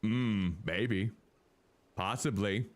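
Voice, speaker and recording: A man's voice: on the low side, drawn-out words. A male streamer giving chatty, casual commentary while playing a game and thinking aloud.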